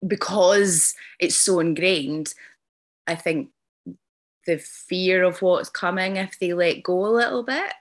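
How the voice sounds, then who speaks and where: A woman's voice: lowish voice, slow pace. A woman hosting a podcast interview, talking earnestly and effusively with many ums and restarts. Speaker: podcast host. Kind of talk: casual interview chat.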